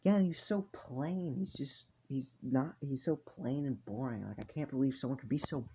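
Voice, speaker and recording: A man's voice: mid-range voice, normal speed, warm tone, muffled recording, slight background noise, voice pushed up, natural voice. A man voicing a catty teenage girl who mocks a classmate in a sneering, dismissive way, inside a told fan story. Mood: scornful.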